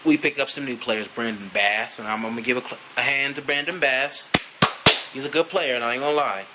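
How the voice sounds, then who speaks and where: A man's voice: mid-range voice, a little fast, very noisy. A man ranting casually to camera as a sports fan, profane and rambling, with lots of "you know" fillers.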